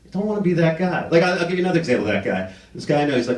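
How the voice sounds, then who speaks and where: A man's voice: fairly high pitch, big pitch swings, rapid-fire, hardly any pauses. A man performing a stand-up comedy set in a theater, acting out the people he quotes in put-on voices. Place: live comedy theater with audience laughter. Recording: roomy live recording from a distance.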